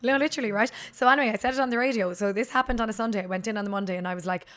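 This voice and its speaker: A woman's voice: a little high, very fast, fairly bright tone. An Irish woman in her thirties, a podcast co-host telling a long story in casual chat and swearing freely. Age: 30s.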